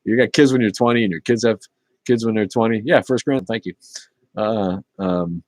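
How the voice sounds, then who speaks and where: A man's voice: fairly low pitch, moderate pace, no room sound. A man in his fifties hosting a casual livestream, chatting loosely with lots of fillers. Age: 50s. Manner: relaxed, rambling, with many fillers. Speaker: livestream host reading chat.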